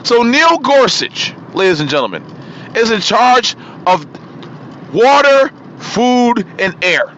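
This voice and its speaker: A man's voice: extremely high pitch, very animated, slow pace, fairly bright tone, muffled recording, slight background noise. A man hosting a political talk show, ranting with fire and repeating himself for emphasis. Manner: fiery, ranting, repeats himself and names his targets. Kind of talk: political talk radio monologue.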